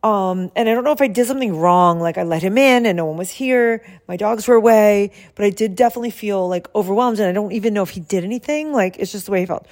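A woman's voice: mid-range voice, quick pace, few pauses, a little mellow, natural voice. A woman playing a shaken, anxious woman client who rambles and halts with many fillers.

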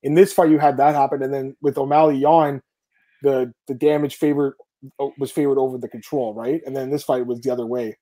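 A man hosting a podcast talks fast and easily through a string of results. His voice sits mid-range and sounds dark and mellow. The chat stays casual and conversational. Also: mid-range voice, fairly even intonation. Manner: quick, conversational, runs through fight results. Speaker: podcast host.

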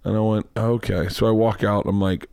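A man's voice: fairly low pitch, fairly quick, gravelly, clean tone, dry recording. Profane storytelling man, dry close mic. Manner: profane, animated, acts out voices in anecdotes. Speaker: podcast host. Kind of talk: casual storytelling chat.

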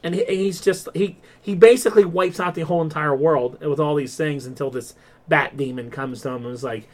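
A man hosting a podcast, retelling a story in a rambling, animated way, with lots of "like" and "um". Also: fairly high pitch, brisk. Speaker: podcast host. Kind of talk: casual podcast chat.

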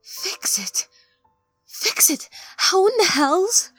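A woman's voice: medium pitch, lively intonation, measured pace, husky, soft background music. An actress playing an ancient female planeswalker, proud and hurt, confronting her old mentor in an audio drama. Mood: pained outrage.

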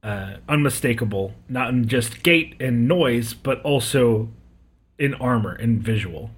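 A man's voice: medium pitch, a little slow, slightly rough. A man running a tabletop game as game master, explaining rules in a casual way.

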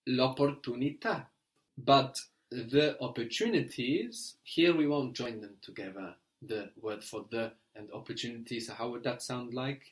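A man's voice: medium pitch, a little slow. A man teaching a language lesson, patiently prompting and correcting a learner.

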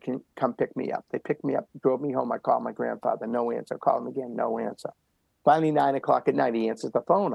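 Older male interview guest, gravelly and breathy, punchy repeated phrases. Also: medium pitch, a little mellow, dry recording. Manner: emphatic, repetitive motivational delivery. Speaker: guest runner. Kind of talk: storytelling interview.

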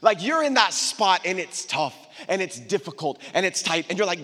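Animated preacher in a reverberant hall. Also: male voice, high voice, brisk, hardly any pauses. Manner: emphatic, repeats call-and-response phrases to the crowd. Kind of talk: sermon.

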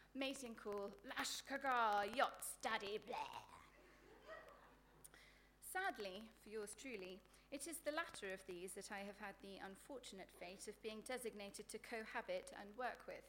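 A woman reading her own comic prose aloud at a live book event, in a sardonic, deadpan voice full of crude insults. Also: mid-range voice, a little hiss or hum. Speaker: author reading her work.

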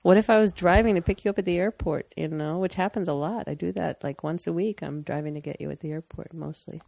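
A woman's voice: on the low side, fast talker, vocal fry, dark tone, dry recording. A young woman talking casually and candidly with her partner, rambling a bit and laughing often. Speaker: partner sharing a personal story. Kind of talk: casual conversation.

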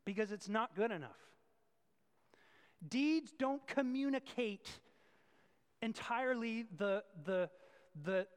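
Animated high-voiced male pastor preaching. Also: takes it slowly, long pauses, smooth, in a large hall. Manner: animated, shifts between loud emphasis and quiet asides. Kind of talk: sermon.

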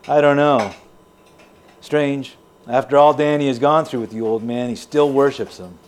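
A bitter, wry son unloads his family history in an audio drama monologue, played by a man. He sounds confiding and sardonic, with a mid-pitched voice. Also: a little mellow, lightly acted. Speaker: narrating character.

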